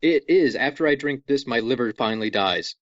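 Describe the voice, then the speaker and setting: A man hosting a podcast in a casual, jokey way, walking listeners through things with lively asides. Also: medium pitch, brisk, no room sound, dull audio. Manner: jokey, animated, over-explaining. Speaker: podcast host.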